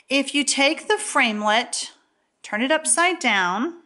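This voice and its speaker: A Texan woman with a fairly high, slightly bright voice demonstrates a paper craft in a casual, chatty tutorial. She keeps checking in with "okay?"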